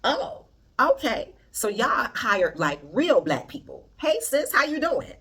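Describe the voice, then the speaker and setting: A woman voicing another woman who greets a younger woman warmly in a high, chirpy voice. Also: very animated, takes it slowly, exaggerated voice. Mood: surprised, friendly.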